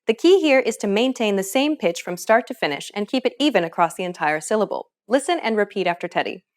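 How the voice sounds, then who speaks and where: A woman narrating a scripted lesson, explaining pronunciation clearly and step by step. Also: medium pitch, expressive, fast talker. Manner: clear, instructive. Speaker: pronunciation teacher.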